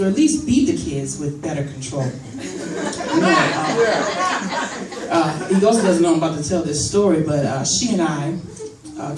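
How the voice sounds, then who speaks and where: A woman doing stand-up comedy at a fundraiser, telling stories and acting out the dialogue with lots of laughter. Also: fairly low pitch. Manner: animated, acts out dialogue, laughs often. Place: event room at a fundraiser. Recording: echoey room, mic from far, noisy.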